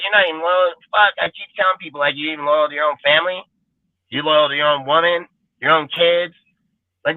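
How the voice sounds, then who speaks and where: A man's voice: fairly high pitch, no room sound. A man hosting a fan show, ranting in a heated, profane, emphatic way. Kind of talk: livestream rant. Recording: dry phone-like audio.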